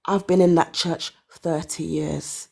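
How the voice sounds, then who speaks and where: A woman in her thirties telling her own story in casual chat, candid and animated, with sighs and laughs. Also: deep voice, slow, vocal fry, slightly rough. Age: 30s. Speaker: caller.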